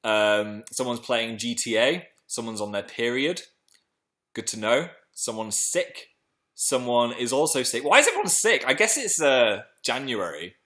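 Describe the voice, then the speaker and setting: Playful chatty man on a livestream. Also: a bit bright. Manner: chatty, playful, jumps into high silly voices. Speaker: livestream host. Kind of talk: casual live chat reading comments.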